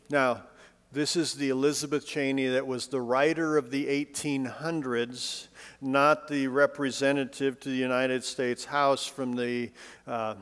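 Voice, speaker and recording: A male pastor giving a sermon in a conversational way with light humor, swinging between emphatic lines and hushed, soft ones. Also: medium pitch. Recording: long reverb, as in a hall.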